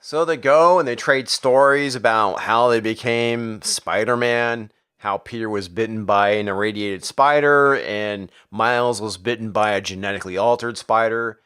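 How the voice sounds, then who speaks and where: A man's voice: on the low side, moderate pace, few pauses, a bit bright, smooth. A man recapping a comic book in a casual, crude, sarcastic way. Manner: profane, sarcastic, jumps into character voices.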